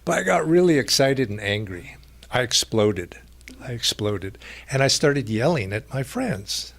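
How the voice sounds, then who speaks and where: A mild, gentle man telling a personal spiritual story at a retreat, in a halting way with many restarts and fillers. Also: mid-range voice, expressive, creaky. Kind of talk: reflective storytelling talk.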